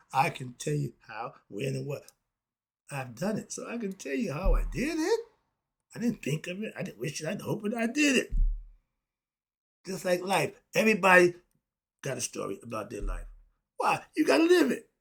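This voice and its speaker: A man's voice: high-pitched, slightly rough. A man, delivering an emphatic, casual monologue full of rhetorical questions and short laughs. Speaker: philosophy vlogger.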